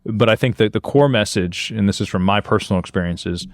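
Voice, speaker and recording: A man's voice: on the low side, dry recording, clean studio sound. A man co-hosting a podcast in casual chat, sharing career experiences. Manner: quick, affirming listener. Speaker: podcast co-host.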